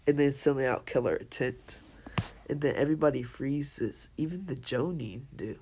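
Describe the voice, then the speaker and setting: A man telling a casual, made-up fan story in a halting way, full of restarts and fillers. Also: medium pitch, a little mellow, a little hiss or hum. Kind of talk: casual fan-fiction narration.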